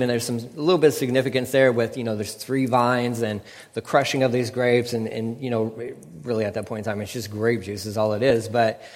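A pastor with a mid-range voice delivers a casual, conversational sermon, acting out people's words in shifting voices. His speech trails off into a long reverb tail.

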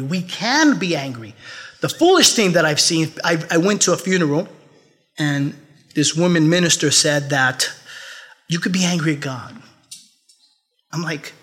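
A pastor preaching a sermon, emphatic and repetitive, with laughing asides. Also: male voice, on the high side, bright, forceful tone. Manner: laughs at his own jokes.

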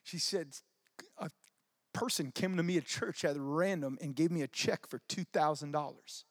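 A man telling a testimony and teaching in a church, animated and casual, tossing in "man" and "y'all". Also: a little high, moderate pace, no echo. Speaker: preacher teaching on dreams.

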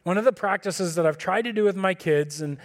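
A man preaching a sermon in a relaxed, conversational way, acting out talks with his kids. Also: high-pitched, a little fast. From California. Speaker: pastor.

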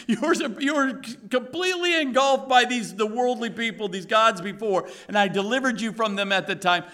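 A man preaching a sermon in an animated, emphatic way, full of rhetorical questions. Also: extremely high pitch, moderate pace.

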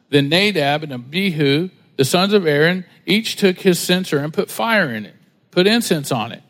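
A middle-aged male pastor preaching a sermon in a casual, conversational way with lively asides. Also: a little high. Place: church sanctuary. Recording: long hall reverb.

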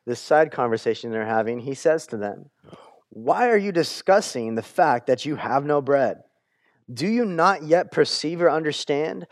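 Male pastor, conversational sermon, a bit high-voiced, dry close sound, restarts often, lively when quoting. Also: dry recording. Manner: conversational, repeats words when restarting, quotes scripture with animated voices.

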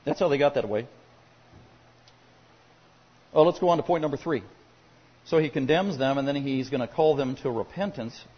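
A male pastor preaching a sermon, swinging from quiet asides to loud emphatic points. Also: mid-range voice, normal speed, pauses often, breathy edge, in a large hall, lo-fi sound.

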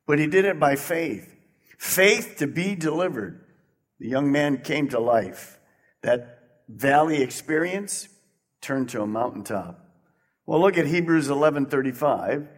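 Pastor, male, slightly high voice, dynamic preaching with loud peaks and quiet drops, long hall reverb. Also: slightly rough. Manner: dynamic preaching, swinging between loud emphasis and quiet lows. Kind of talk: sermon.

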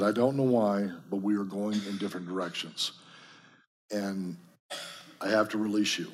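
A man's voice: fairly low pitch, slightly rough. A man preaching earnestly to a group, telling personal stories. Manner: storytelling, earnest. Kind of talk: sermon to a group.

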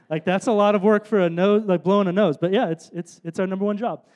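High-voiced man preaching a sermon. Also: brisk, few pauses. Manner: storytelling, shifts between soft asides and loud emphatic bursts. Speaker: pastor. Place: stage before a congregation.

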